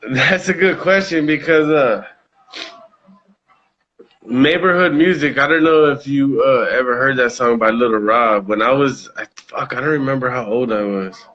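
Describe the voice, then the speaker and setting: A man's voice: medium pitch, normal speed, fairly bright tone, highs cut off. A man telling stories in a casual interview, laid-back, swearing freely and laughing often. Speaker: rapper being interviewed.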